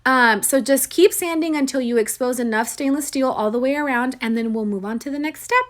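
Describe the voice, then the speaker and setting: A woman with a fairly high voice, a little hoarse from a long day of recording, narrates a craft tutorial. She is bubbly and chatty, keeps talking straight to her viewers, and pokes fun at herself as she goes. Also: brisk. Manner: self-deprecating jokes. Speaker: crafter demonstrating a tumbler project. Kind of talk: tutorial voice-over.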